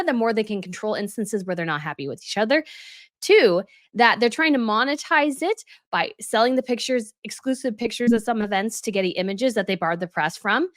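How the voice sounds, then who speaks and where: A woman's voice: fairly high pitch, a bit bright, no echo, clean studio sound. An American woman with a neutral accent, giving rambling, chatty commentary on royal news. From United States. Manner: chatty, rambling, many asides. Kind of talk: casual commentary vlog.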